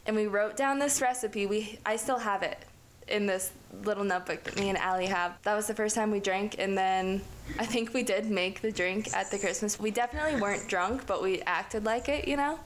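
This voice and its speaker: A woman's voice: medium pitch, brisk, a little hiss or hum. A young woman casually telling a story to a friend, slangy and profane, full of "like" and "dude". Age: young adult.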